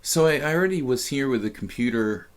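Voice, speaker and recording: A man streaming chess online, thinking aloud about the game in a halting way, with many fillers and restarts. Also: mid-range voice, animated.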